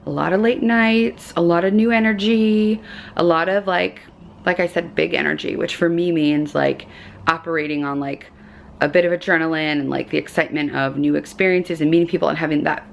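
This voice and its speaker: A woman chatting casually in a lifestyle vlog from her hotel room, her voice going hoarse, with lots of fillers. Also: on the low side, steady tone, fairly quick, a little hiss or hum. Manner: chatty, filler-heavy, upbeat. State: losing her voice. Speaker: lifestyle vlogger.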